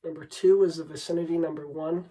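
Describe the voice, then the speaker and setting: A man's voice: fairly high pitch, level tone, fast talker, warm tone, low-quality recording. A man coaching on dating, talking unscripted to the camera in a brash, swearing, rambling way, and calling the listener bro and dude.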